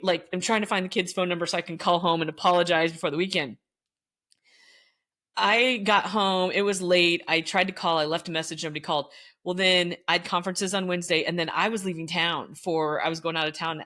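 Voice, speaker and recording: Lively storytelling woman, low voice. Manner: animated, acts out quoted voices, laughs while telling. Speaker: former teacher, guest. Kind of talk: casual storytelling chat.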